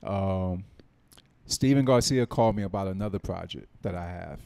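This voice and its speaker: A man's voice: deep voice, normal speed, vocal fry, darkish tone, clean tone. A middle-aged man from North Carolina, a film writer and producer, telling stories in a casual podcast interview and acting out quoted dialogue. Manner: storytelling, acts out quoted dialogue.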